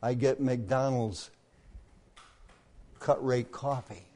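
An older man preaching a camp meeting sermon in a folksy storytelling manner, often clearing his throat. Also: mid-range voice, very slow, warm tone.

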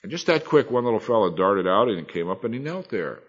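A man preaching a sermon, earnest and emphatic, swinging between loud and soft. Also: lowish voice, very animated, fairly quick, slightly rough, highs cut off.

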